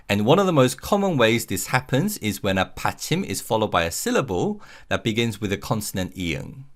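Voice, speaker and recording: Male teacher, low animated voice, measured scripted lesson delivery. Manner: clear, measured explanation with slow repeated example words. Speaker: language teacher.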